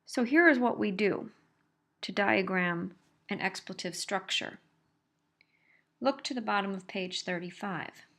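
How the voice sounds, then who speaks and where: A woman's voice: mid-range voice, unhurried, long pauses, fairly bright tone. A woman teaching a college grammar lesson, explaining carefully and stressing example sentences. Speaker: college English instructor. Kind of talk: recorded grammar lecture.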